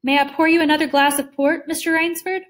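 A woman's voice: high voice, level tone, fast, voice pushed up, close to an everyday voice. Suave menacing hunter, as a woman reads him. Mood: courtly.

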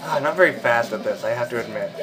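A man's voice: mid-range voice, fast talker, music in the background. A man giving rambling gameplay commentary as a let's play host, mumbling at times and bursting out angrily at others. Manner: rambling, swings between mumbling and angry outbursts.

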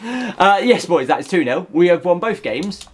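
A young man giving excitable, jokey live commentary over a football video game, often bursting into shouts. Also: high voice, moderate pace, husky. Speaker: gaming YouTuber.

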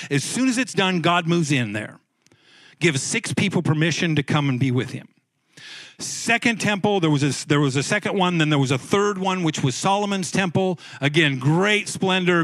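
A man's voice: on the high side, fairly bright tone, no echo. A male pastor preaching a conversational sermon, often repeating words and restarting phrases. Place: church sanctuary.

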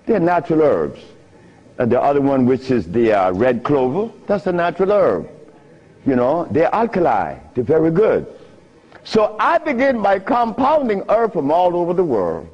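Husky, animated man telling stories. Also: moderate pace. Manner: laughing often, swinging pitch up and down. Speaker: speaker giving a talk. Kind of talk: animated storytelling lecture. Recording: muffled lo-fi recording.

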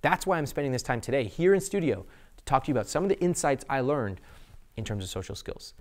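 This studio host, a man giving an instructional talk to camera, has a medium-pitched, expressive voice. He intentionally eases his pace to drive his points home.

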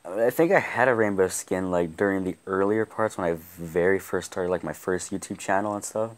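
A young man giving live gameplay commentary, excitable, often laughing and yelling at the game. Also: deep voice, normal speed. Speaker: gaming YouTuber.

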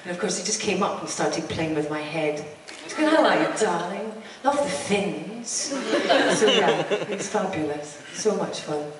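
Lively Scottish-born woman in an echoey hall. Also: deep voice, normal speed, few pauses, distant mic, crowd noise. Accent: English estuary. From Scotland. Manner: bubbly, laughing anecdotes. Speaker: convention panel guest. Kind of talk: live panel storytelling. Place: convention hall on stage.

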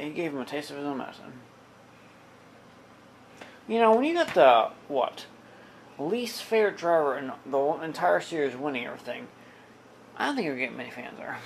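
Man vlogger, gravelly and sarcastic, casual rambling delivery, faint hiss behind. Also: on the high side, low-quality recording. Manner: sarcastic, talks to his dog.

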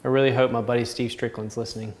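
Relaxed Southern man chatting while painting. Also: medium pitch, rapid-fire, a little hiss or hum. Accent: Southern American. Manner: relaxed, rambling, laughs often. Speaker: painting instructor. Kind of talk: casual chat while painting.

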